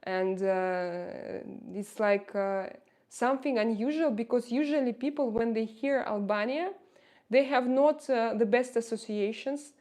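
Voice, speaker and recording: A woman with a Russian accent hosts a casual livestream, reading viewer chat while hesitantly searching for words amid many fillers. Her voice sits on the high side, slightly slow and dark in tone.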